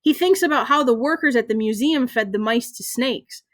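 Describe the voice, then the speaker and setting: A woman reads a children's novel aloud in a steady, expressive way. Her voice sits fairly high. The recording is dry and close, with no room echo. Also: normal speed. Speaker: reader.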